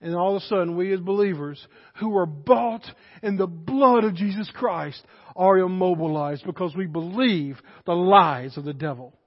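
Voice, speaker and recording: Casting: high-pitched male pastor, fiery sermon, muffled recording. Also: moderate pace, hardly any pauses. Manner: swings between shouted exhortation and hushed intensity. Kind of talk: impassioned sermon. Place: church sanctuary. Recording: dull recording with long reverb in a church hall.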